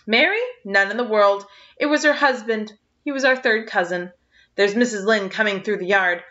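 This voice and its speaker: A stern, practical older farm woman, read by a woman in a storybook, brisk and matter-of-fact, at a middling pitch. The sound is muffled and lo-fi. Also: fairly bright tone, natural voice. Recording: dull lo-fi recording.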